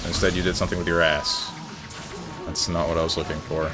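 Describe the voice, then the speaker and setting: A man streaming a game, talking in a dry, low-key way to his chat, with sudden high yelps when he gets hit. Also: level tone, brisk. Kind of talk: casual gameplay commentary. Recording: game music behind the voice. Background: faint game music.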